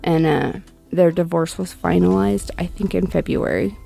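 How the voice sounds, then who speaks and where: Gravelly woman telling a painful story. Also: fairly low pitch, warm tone, soft background music. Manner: halting, restarts often, quotes others in lifted voice. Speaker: interview guest, bereaved mother. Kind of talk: personal account in conversation.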